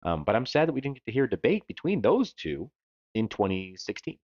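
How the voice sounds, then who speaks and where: A man's voice: on the low side, sing-song, fairly quick, a little mellow, no room sound, dull audio. A man co-hosting a live stream, chatting casually and joking as he reads viewer comments aloud. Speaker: livestream co-host.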